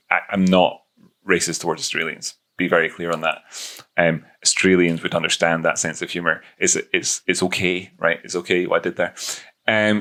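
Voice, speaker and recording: A man's voice: low-pitched, a bit bright. A man hosting a trading channel, talking casually through chart analysis in a rambling, self-correcting way with joking asides.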